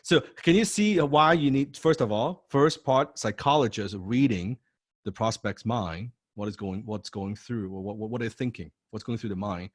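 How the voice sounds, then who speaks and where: A man's voice: on the low side, normal speed, no echo. Male sales trainer, emphatic and repetitive, close dry mic. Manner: emphatic, repeats key phrases, acts out phone calls. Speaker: sales coach. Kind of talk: live sales training class.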